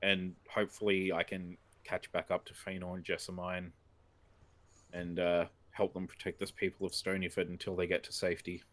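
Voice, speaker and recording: An earnest, polite adventurer, played by a man at a gaming table speaks in a very deep voice. He hesitates often, filling pauses with ums and uhs as he picks his words. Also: completely flat delivery, a bit bright. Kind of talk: in-character tabletop role-play.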